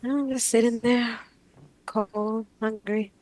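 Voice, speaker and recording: A woman with a somewhat high voice speaks as a hypnosis client. She describes her visions hesitantly and dreamily, stopping and restarting often. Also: fairly even intonation, darkish tone, rough recording. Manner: hesitant, halting, dreamy speech with pauses and restarts.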